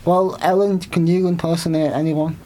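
A man's voice: fairly high pitch, flat delivery, moderate pace, warm tone, a little hiss or hum. Stammering, playful young man. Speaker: radio show co-host. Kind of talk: casual studio chat.

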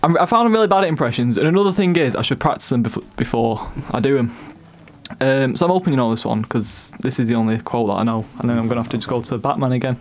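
A man's voice: mid-range voice, fast. A man hosting a student radio show in a casual studio chat, jokey and self-mocking. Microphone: studio mic with headphones.

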